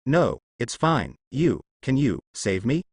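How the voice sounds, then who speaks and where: A man's voice: medium pitch, very animated, slow pace, husky, no echo, full character voice. Male reader as a terrified young woman; stammering, trembling, dry close mic. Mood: frightened. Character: frightened young woman survivor.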